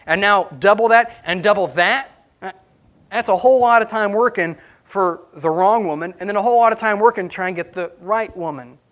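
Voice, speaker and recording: Pastor guy preaching in church, high voice, chatty, keeps checking in with the crowd. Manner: animated, conversational, questions the congregation. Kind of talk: sermon.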